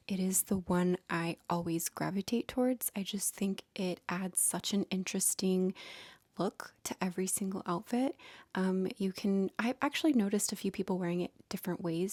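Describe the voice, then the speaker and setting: Chatty woman with soft whispered asides. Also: medium pitch, dry recording. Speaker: fashion vlogger. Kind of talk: casual collection walkthrough.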